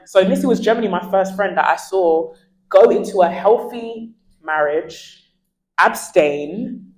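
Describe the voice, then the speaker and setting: A woman's voice: medium pitch, measured pace, low-quality recording. A woman in her twenties, a guest in a candid interview, telling stories with energy and acting out what people said. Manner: animated storyteller, acts out quoted dialogue.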